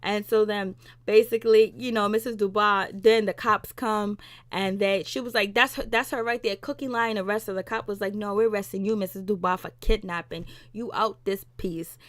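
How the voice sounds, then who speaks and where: Animated woman recapping a TV episode. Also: medium pitch, normal speed, dry recording. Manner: animated retelling, laughs often, quotes characters with attitude. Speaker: TV recap vlogger.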